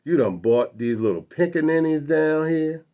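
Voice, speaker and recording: A man's voice: a little high, expressive, moderate pace, mellow, pitched above the performer's own voice, lightly acted. A man voicing a threatening 1950s policeman, drawling and contemptuous. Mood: menacing. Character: threatening, heavyset 1950s Southern male policeman.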